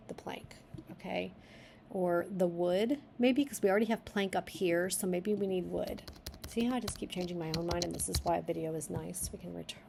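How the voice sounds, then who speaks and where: Gravelly-voiced woman giving writing feedback. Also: fairly low pitch, a little mellow, slight background noise. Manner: thinking aloud, stops to suggest rewrites. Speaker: writing critic reading a manuscript. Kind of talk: reading aloud with editing feedback.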